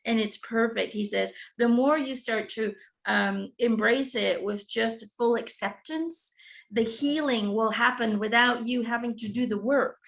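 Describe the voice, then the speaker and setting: Gravelly-voiced woman giving a spiritual reading. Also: on the high side, a little slow, low-quality recording. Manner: relays a guide's messages with frequent "he says" and ums. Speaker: spiritual reader. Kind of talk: channeled spiritual reading session.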